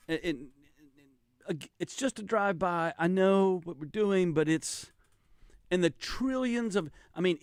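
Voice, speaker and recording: An older man chatting on talk radio, rambling and restarting as he goes. His delivery is lively, with a slightly raised pitch. The studio sound is close and dry. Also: no room sound. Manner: rambling, animated, with frequent restarts and laughs. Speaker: radio talk show host. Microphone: studio microphone.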